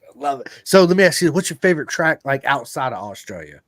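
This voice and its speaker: A man's voice: fairly high pitch, sing-song, fast, fairly bright tone, no room sound, studio quality. An American man hosting a podcast interview, chatting casually and enthusiastically and calling his guest dude and bro. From United States. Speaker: podcast host.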